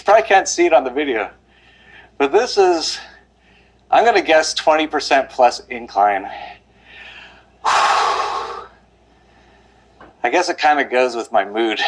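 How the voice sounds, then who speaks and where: A man rambles to his camera while walking up a steep hill outdoors, out of breath and sighing between thoughts. He talks slowly, musing in a middle-pitched voice. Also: a bit bright, low-quality recording. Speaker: vlogger. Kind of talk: casual walking monologue.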